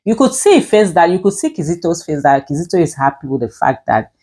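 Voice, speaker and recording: A woman's voice: fairly low pitch, very animated, fast, mellow, slightly rough. A woman reviewing a drama series, emphatic and scolding, with frequent "you know" fillers. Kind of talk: opinionated review commentary.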